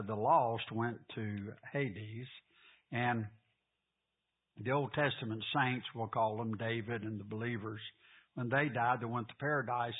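A man teaching a Bible class, quizzing his listeners and repeating the key points. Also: medium pitch. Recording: phone-like lo-fi, husky.

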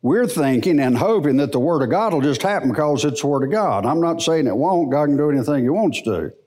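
A middle-aged man teaching the Bible in a church service, in a folksy, unhurried preaching manner. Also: on the high side. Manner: slow, animated, folksy preaching.

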